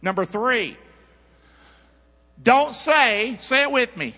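A man preaching a sermon, calling on the congregation to answer back and swinging between loud and hushed. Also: high voice, expressive, a little slow, breathy edge. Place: church. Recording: dull sound with long church reverb.

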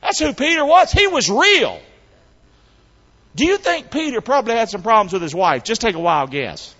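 A man preaching a sermon in a church, calling out to the congregation for answers and swinging from hushed tones to shouts. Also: very high-pitched, very animated, moderate pace, breathy edge. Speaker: pastor. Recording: dull sound in a reverberant hall.

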